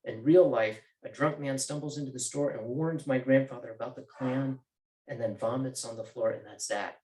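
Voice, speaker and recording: A man's voice: mid-range voice, moderate pace, darkish tone. Man reading his novel in a roomy bookstore. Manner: casual, joking asides. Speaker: author. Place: bookstore event.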